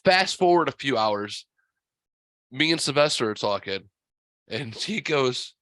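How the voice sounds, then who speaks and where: Animated, bright-voiced male podcast storyteller. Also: mid-range voice, a little slow, no room sound. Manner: animated, profane, acts out quotes. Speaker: podcast host. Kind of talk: casual storytelling.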